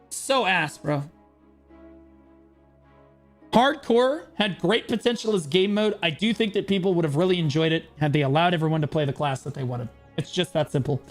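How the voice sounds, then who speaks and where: A male game streamer giving frustrated, profane commentary on a live stream. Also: high-pitched.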